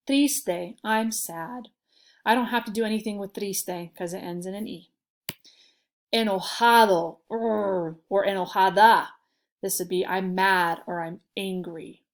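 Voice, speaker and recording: A woman explaining a lesson as a teacher, in patient, clear classroom talk that stresses key sounds. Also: mid-range voice. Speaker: Spanish teacher.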